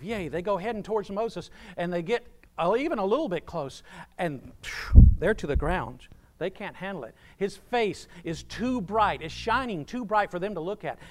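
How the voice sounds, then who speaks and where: A man preaching a sermon, swinging from loud proclamations to hushed asides. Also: high-pitched. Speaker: pastor.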